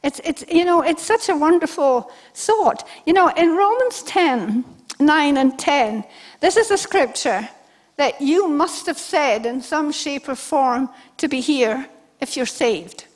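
A woman with a high voice preaches a sermon to her congregation. She tells the scripture stories with animation and acts out the lines of the people in them. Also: takes it slowly. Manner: animated storytelling, acting out quoted speech. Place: church service before a congregation.

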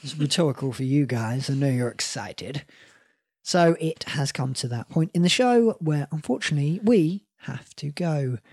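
A woman hosting a casual podcast game, playful and quick to laugh. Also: deep voice, lively intonation, darkish tone, husky, no echo, clean studio sound. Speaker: podcast host.

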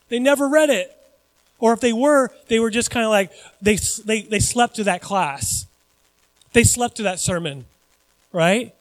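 A man preaching a sermon in an animated, conversational way, with frequent asides to the congregation. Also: high voice, no room sound, rough recording. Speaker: pastor.

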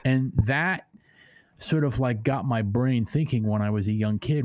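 A man's voice: mid-range voice, measured pace, a little mellow, no echo, clean studio sound. A man co-hosting a casual podcast, telling a rambling story full of restarts and fillers. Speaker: podcast co-host. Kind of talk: casual chat.

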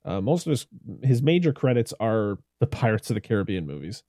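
A man's voice: lowish voice, very animated, a little fast, dark tone, no echo, clean studio sound. A man co-hosting a film podcast, chatting casually and retelling scenes while laughing often. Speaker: podcast co-host. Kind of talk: casual film-review chat.

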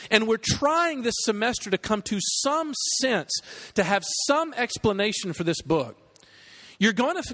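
A man's voice: sits high, fairly bright tone, long reverb tail. A man preaching a sermon, reading scripture and then teaching with earnest emphasis and rhetorical questions. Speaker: pastor.

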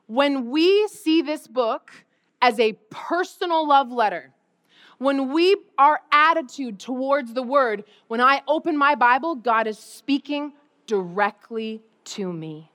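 Woman pastor preaching, high voice, chatty and animated, laughs a lot. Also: slow. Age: adult parent. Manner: animated, laughs often, acts out quotes. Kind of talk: conversational sermon.

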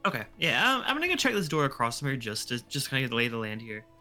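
A man playing a tabletop game, joking in a casual, quick way. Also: medium pitch, huge pitch swings, pushed and bright, faint music behind. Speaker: player.

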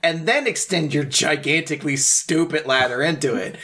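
A man's voice: a little high, normal speed, bright, forceful tone. A man co-hosting a podcast in casual chat, telling a story animatedly and acting out other people and sound effects. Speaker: podcast co-host.

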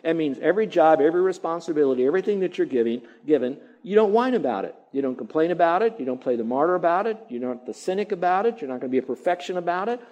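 A man's voice: on the high side, expressive, rapid-fire, few pauses, darkish tone, dull audio. A middle-aged male pastor preaching a sermon, stretching out key words for emphasis and mimicking grumbling sounds.

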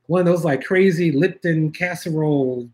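A man with a notably high voice, chatting as an interview guest. He tells his stories casually and animatedly, laughs often, restarts his sentences, and slips into other people's voices when he quotes them. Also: moderate pace, a little mellow. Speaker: guest filmmaker.

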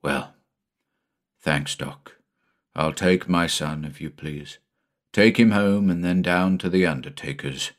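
A man voicing a grieving rural deputy bent on revenge, speaking low, quiet and hard. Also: slow, long pauses. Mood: grim. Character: grieving, grimly vengeful rural deputy father.

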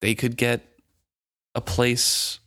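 A man co-hosting a casual book discussion who reads passages aloud and talks in a relaxed, conversational way. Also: medium pitch, takes it slowly.

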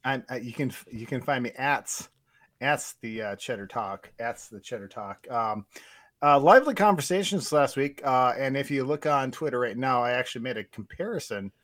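A man co-hosting a casual sports podcast, animated and rambling with many fillers. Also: mid-range voice, moderate pace, dry recording, studio quality. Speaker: podcast co-host. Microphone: podcast mic.

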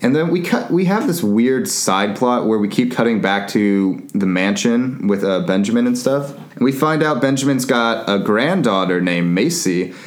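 Brief: laid-back podcast host, mid-pitched, animated storyteller, roomy sound. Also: male voice, moderate pace, hardly any pauses. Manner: rambling, animated, laughs often, acts out characters. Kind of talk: casual movie recap chat. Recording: echoey room.

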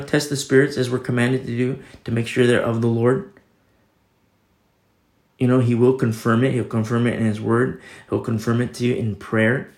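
A man's voice: medium pitch, gravelly, darkish tone, roomy sound. A man preaching a conversational sermon as pastor, briefly acting out the voices of the people in his story.

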